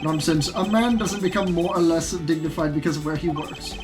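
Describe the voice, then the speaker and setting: A woman's voice: on the low side, fairly even intonation, brisk, over music, natural voice. A woman voicing a haughty, formal male prosecutor, reading game lines in a precise, condescending way. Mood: stern. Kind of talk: video game dub-over.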